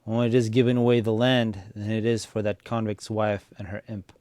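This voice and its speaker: A man's voice: lowish voice, level tone, normal speed, no room sound, clean studio sound, close to an everyday voice. A man reading aloud, voicing a furious, bitter young peasant daughter-in-law who bawls at her family. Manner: shouting, bitter.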